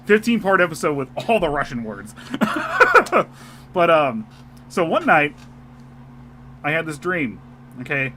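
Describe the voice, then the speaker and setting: A man's voice: fairly high pitch, unhurried, long pauses, noisy background. A man co-hosting a podcast, telling a story in casual chat and laughing often. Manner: animated storyteller, laughs a lot. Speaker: podcast co-host.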